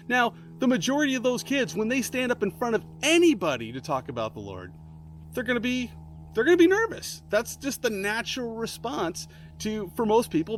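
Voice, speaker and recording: A man giving a casual devotional talk as a ministry speaker, telling a story earnestly with restarts and fillers and pressing his points with emphasis. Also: slight background noise. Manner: emphatic, rising to urgent high points.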